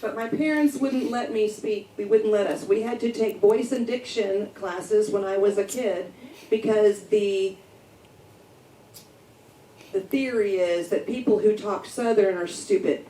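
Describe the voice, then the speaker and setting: A woman's voice: medium pitch, measured pace, mellow. A woman from the American South chatting casually and telling anecdotes in a workshop. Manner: chatty, acts out voices in anecdotes. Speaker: guest speaker. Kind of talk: casual chat. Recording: echoey room, distant mic, faint noise.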